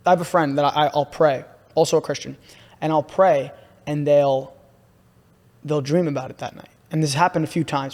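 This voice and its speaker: A young man on a podcast, excitedly telling a long story and calling his listener "bro" a lot. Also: fairly high pitch. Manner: excitable, repeats himself, says "bro" a lot. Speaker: podcast host. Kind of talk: casual podcast chat, storytelling. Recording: room with long reverb.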